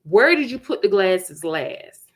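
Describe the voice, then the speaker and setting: A woman's voice: mid-range voice, sing-song, slow, breathy edge, exaggerated voice. A woman voicing a concerned, protective father who asks questions in a soothing way.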